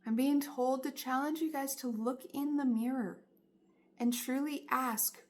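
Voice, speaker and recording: A woman reads tarot for her viewers in a somewhat high voice, taking her time over each phrase. She sounds earnest and encouraging, pressing her points with emphasis. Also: steady tone, measured pace, a little mellow. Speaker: tarot reader. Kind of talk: spiritual tarot reading monologue.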